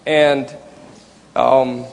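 A man telling a personal story in church, earnest and halting, often repeating his words. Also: medium pitch, flat delivery, creaky, a little hiss or hum. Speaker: speaker sharing a conversion story. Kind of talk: personal testimony. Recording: long hall reverb.

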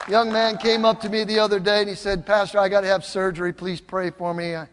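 An older male pastor with a high voice, preaching animatedly in a church. He swings from shouted praise to hushed asides, and his voice rings with long reverb through the sanctuary. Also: fast, crowd noise, background noise. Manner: animated, swings from loud exclamations to soft asides. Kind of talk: sermon with storytelling.

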